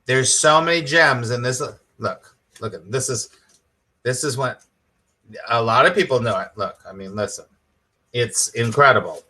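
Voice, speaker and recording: A man's voice: medium pitch, normal speed, pauses often, bright, forceful tone. A middle-aged man, a spiritual teacher, teaching on a live stream with enthusiasm, repeating his points and quizzing viewers by name.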